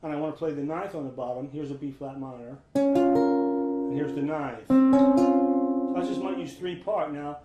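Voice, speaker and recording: A man's voice: on the high side, unhurried, long pauses, lo-fi sound. Man teaching guitar in a roomy space. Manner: relaxed, thinks aloud with restarts. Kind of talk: casual instructional talk. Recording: roomy sound with loud guitar. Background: guitar playing.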